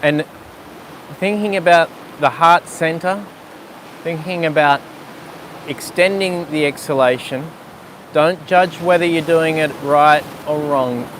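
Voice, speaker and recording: A man guiding a yoga breathing practice outdoors on rocks by the sea, giving slow, soothing cues with pauses. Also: a little high, a bit bright, slight background noise. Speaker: yoga teacher. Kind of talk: guided yoga and breathing instruction.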